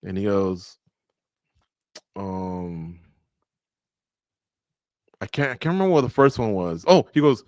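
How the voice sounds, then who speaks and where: Animated male sports radio co-host. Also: fairly low pitch, slow, long pauses, no room sound. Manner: animated storytelling, acts out quotes, laughs at own jokes. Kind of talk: casual sports chat. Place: studio.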